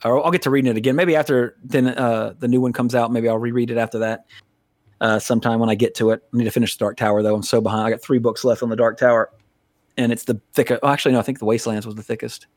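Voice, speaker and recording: A man co-hosts a casual film review podcast, talking at a racing pace in a steady, mid-range voice. The studio sound is clean with no room sound, and he rambles, breaks off mid-sentence, and swears freely.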